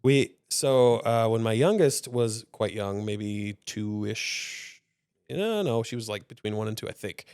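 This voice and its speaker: A man's voice: lowish voice, expressive, unhurried, darkish tone, clean tone, no room sound, studio quality. A man co-hosting a casual podcast, telling a long story with laughter and swearing. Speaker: podcast co-host.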